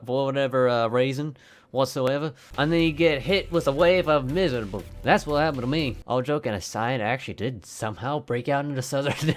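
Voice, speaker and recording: A teenage boy chatting casually on his vlog, jokey and self-mocking, into a desk mic at home. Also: mid-range voice. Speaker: YouTuber. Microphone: desk mic on stand. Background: soft background music.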